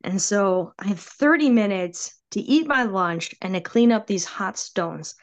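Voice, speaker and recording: A woman guest telling a personal ghost story in a casual, animated way. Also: mid-range voice, measured pace. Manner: animated, acts out quoted voices.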